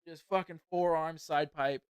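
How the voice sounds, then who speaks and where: A man's voice: a little high, moderate pace, smooth, dry recording, clean studio sound. Young man telling a rowdy story. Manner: profane, laughing, excited storyteller. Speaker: podcast host. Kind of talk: casual storytelling and fight commentary.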